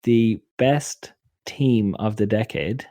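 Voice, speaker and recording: A man's voice: on the low side, lively intonation, takes it slowly, mellow, no echo, studio quality. A man co-hosting a podcast in casual, teasing banter. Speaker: podcast co-host.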